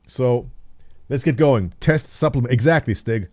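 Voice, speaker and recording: Mellow-voiced joking man in his thirties. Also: mid-range voice, normal speed, dry recording, studio quality. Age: 30s. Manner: joking, rambling, answers chat by name. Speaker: livestream host. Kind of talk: casual chat with live chat readers.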